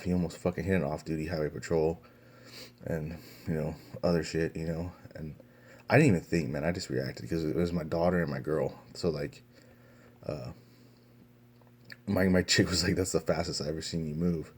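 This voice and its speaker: A young man with a low, husky voice tells a story on his vlog. His tone is dark and mellow, and he speaks in a loose, profane ramble full of "um"s and false starts. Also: steady tone, moderate pace. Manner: profane, rambling telling full of fillers and restarts. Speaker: vlogger.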